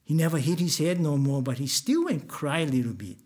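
A man's voice: a little high, fairly quick, darkish tone. A man telling a first-person story in Hawaiian Pidgin with a plain, earnest delivery.

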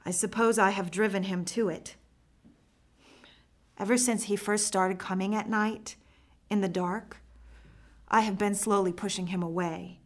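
A woman reading a first-person story aloud, earnest and reflective, with expressive phrasing. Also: mid-range voice, unhurried, long pauses. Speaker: narrator.

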